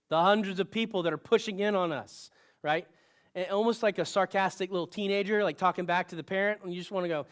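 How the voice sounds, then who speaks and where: A man's voice: sits high, fast talker. A male pastor giving a sermon in a conversational style, with asides and bursts of rising emphasis.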